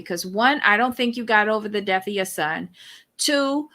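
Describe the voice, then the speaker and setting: Woman doing a reality show recap, sassy and blunt, bright tone. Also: mid-range voice. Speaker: podcast co-host.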